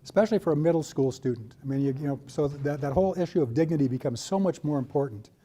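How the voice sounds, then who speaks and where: Male workshop presenter, quick and fairly high, coaching and joking with the group. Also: mellow. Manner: brisk, coaching, joking with participants. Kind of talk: workshop facilitation.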